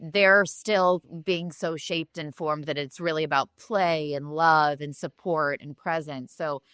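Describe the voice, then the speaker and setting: A woman's voice: deep voice, fairly even intonation, unhurried, a bit bright, clean tone, dry recording, clean studio sound. A woman co-hosting a podcast, reflecting in a casual chat with an encouraging manner. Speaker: podcast co-host.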